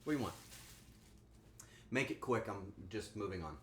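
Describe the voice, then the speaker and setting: A man chatting with his livestream viewers while he cooks, crude and joking. His pitch jumps around a lot as he talks. The room sounds echoey, with a faint hum of ambience behind him. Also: animated, normal speed, a bit bright. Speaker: streamer. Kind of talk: casual livestream chat while cooking.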